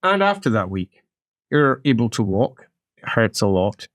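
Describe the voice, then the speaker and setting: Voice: mid-range voice, sing-song, a little slow. A game master, narrating an improvised tabletop game playfully and laughing often.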